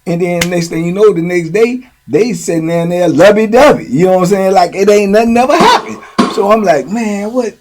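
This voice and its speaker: A middle-aged man telling prison stories in a slangy, animated way. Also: sits high, brisk, over music. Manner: slangy, animated, lots of "you know what I'm saying". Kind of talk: casual storytelling.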